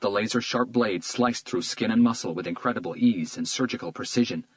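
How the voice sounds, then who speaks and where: A man narrating a crime thriller audiobook in a steady, measured read. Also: mid-range voice, dry recording, poor audio. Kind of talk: scripted narration.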